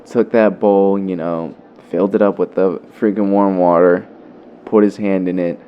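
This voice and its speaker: Low-voiced young man telling a story. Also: fairly even intonation, normal speed, lo-fi sound, slight background noise. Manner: loose, profane, with many fillers. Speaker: vlogger. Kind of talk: casual storytelling.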